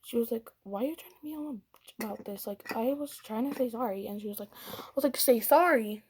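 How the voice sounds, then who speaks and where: A woman's voice: fairly high pitch, fast talker, mellow, slightly rough. A young woman telling a dramatic storytime about a fight, with whispered asides and acted quotes. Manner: dramatic retelling, whispering asides, quoting in voices. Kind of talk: storytime vlog.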